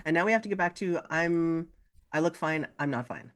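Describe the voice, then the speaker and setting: Lively woman co-host chatting on a podcast, voice jumps all over when she quotes people. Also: fairly quick. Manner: animated, acts out quoted dialogue in a higher voice. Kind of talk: casual podcast chat.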